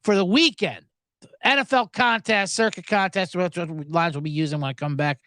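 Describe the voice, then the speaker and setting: A man's voice: high-pitched, moderate pace, bright, forceful tone, dry recording, studio quality. A man hosting a sports betting podcast in casual chat, rambling, jokey and profane, often stammering and restarting his sentences.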